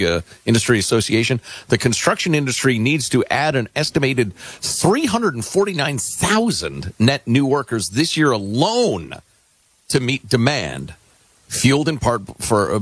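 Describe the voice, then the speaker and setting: A man's voice: medium pitch, no echo. A middle-aged man hosting talk radio in casual chat, dry and sarcastic, with many fillers and restarts.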